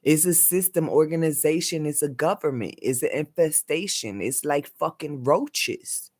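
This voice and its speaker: A man speaks in a slightly high voice, ranting into his vlog. He swears nearly every line, circles back over the same phrases and punctuates them with "yo". His tone stays agitated and accusatory throughout. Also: normal speed, darkish tone. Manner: profane, repetitive, keeps tagging lines with "yo". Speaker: vlogger. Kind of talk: heated personal rant.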